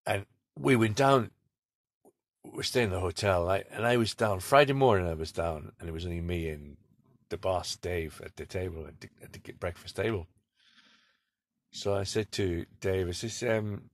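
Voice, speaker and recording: A man with a very deep voice tells rambling, casual stories about his work as a bus driver and laughs easily between them. He is recorded close and dry, with no room sound around him. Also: normal speed, no room sound. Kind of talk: casual anecdotal storytelling.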